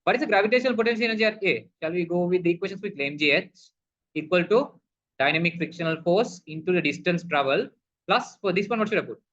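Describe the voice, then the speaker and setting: A man's voice: sits high, animated, fast, a bit bright. A male physics teacher walking through a problem, asking questions and answering them himself, calling the students "people". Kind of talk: recorded physics lesson. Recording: dull lo-fi recording.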